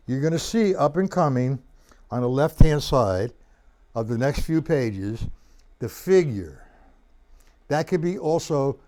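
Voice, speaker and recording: A man teaching a drum lesson on a live stream, loudly calling out strokes and counts and talking casually to a student in between. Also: medium pitch.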